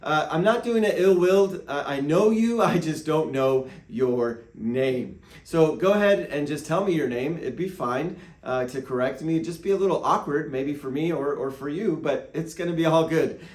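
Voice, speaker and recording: A fairly high-voiced man delivers a devotional teaching as a pastor, animated and playful, slipping into quoted voices. His voice rings in a noticeably echoey room. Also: normal speed, few pauses.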